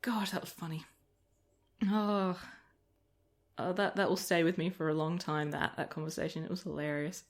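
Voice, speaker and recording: Chatty woman, lowish voice. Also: steady tone, normal speed. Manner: rambling anecdotes with frequent laughter. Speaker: gaming video creator. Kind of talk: casual let's-play chat.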